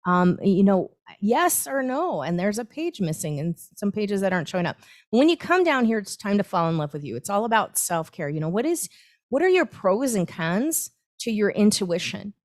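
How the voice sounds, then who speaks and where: A woman's voice: lowish voice, moderate pace, no echo, studio quality. Chatty, encouraging woman spiritual coach. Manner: chatty and encouraging, with filler words and restarts. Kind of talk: livestreamed talk.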